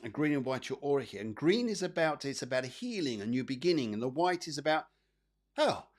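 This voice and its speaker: A man's voice: mid-range voice, lively intonation, quick pace. Chatty man giving psychic readings. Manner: chatty, rambling, repeats phrases, frequent fillers. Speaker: psychic medium host. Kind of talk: live card readings for viewers.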